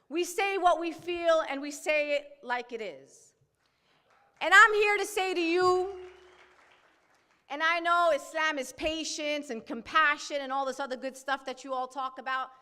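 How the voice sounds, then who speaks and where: A woman's voice: high voice, bright, forceful tone. A woman in her thirties with a Brooklyn accent, giving an impassioned political speech at a banquet. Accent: New York. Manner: bold, impassioned, outspoken. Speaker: keynote speaker at a banquet. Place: banquet hall. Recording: long hall reverb.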